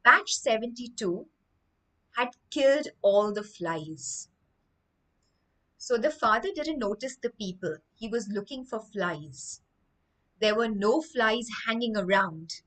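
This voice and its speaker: A woman teacher reading a story aloud to children, stopping often to explain words with animated, emphatic delivery. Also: a little high, takes it slowly, low-quality recording.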